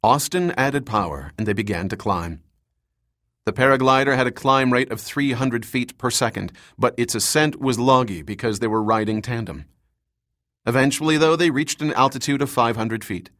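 A man reading an adventure story aloud in measured scripted narration. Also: lowish voice, a bit bright. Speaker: audiobook narrator.

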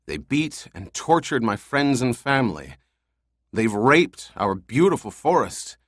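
A firm, resolute young man bent on revenge, voiced by a male narrator. Low and slow, read dry and close. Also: lively intonation, a bit bright, dry recording. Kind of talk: audiobook character voice.

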